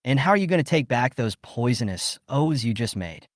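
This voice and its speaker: An icy young man, voiced by a male narrator, speaks with flat contempt and cutting sneers. His voice swoops in pitch as he mocks. It sounds close and dry, with no room around it. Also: moderate pace, no echo, close to an everyday voice. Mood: cold, sneering.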